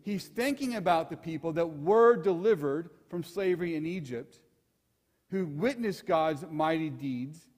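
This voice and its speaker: Guy pastor preaching, pretty high voice, earnest and emphatic, long echo like a big church hall. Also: a little slow. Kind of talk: sermon.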